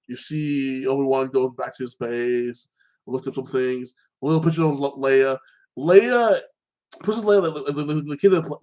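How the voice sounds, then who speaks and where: Rambling man recapping a TV episode. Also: medium pitch. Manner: rambling, fills with "like that" and restarts; opinionated, ranting about plot holes. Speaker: host.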